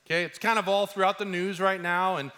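A man with a high, bright voice preaches to his congregation and drags out key words for emphasis. His sermon mixes scripture with lively personal stories. The sound carries a long reverb from a large church hall. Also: a little fast. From Arizona, USA. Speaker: pastor.

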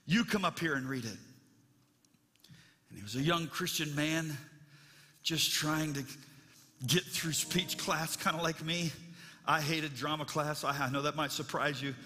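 A man's voice: on the high side, steady tone, measured pace, bright, forceful tone. A male pastor preaching a sermon in an earnest, storytelling manner that turns heartfelt. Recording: long reverb, instrumental music behind.

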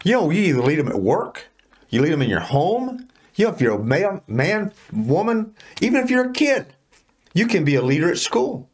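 A man co-hosting a relaxed Bible study. His slightly high voice swoops up and down a lot as he makes his points, and he speaks in an emphatic, folksy, preacherly way. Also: moderate pace, breathy edge. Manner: animated, emphatic, preachy, colloquial. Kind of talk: casual Bible discussion.

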